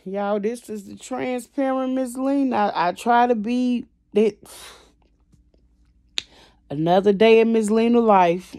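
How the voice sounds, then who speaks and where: A woman vlogger venting to her viewers, emotional and swinging between quiet and loud, constantly addressing them directly. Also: on the high side, takes it slowly, pauses often, no room sound, studio quality. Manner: emotional, repeats "y'all" constantly. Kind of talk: venting to camera.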